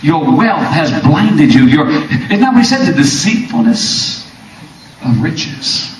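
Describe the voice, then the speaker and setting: A man preaching a fiery sermon, swinging from shouts to hushed lines and repeating words as he builds. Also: a little high, big pitch swings, slow pace, a little hiss or hum. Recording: very echoey room, mic far off.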